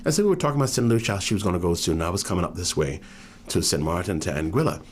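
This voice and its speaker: A man's voice: sits low, racing. A man in his fifties from New York, telling stories from his life in an oral history interview and acting out the voices of people he quotes. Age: 50s. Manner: animated, acts out quoted voices.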